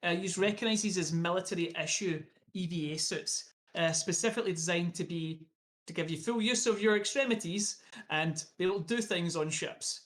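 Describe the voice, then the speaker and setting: A man's voice: high-pitched, brisk. Guy gm'ing a tabletop game, laid-back rambly narration, lots of ums. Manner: relaxed, chatty narration with fillers. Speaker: game master.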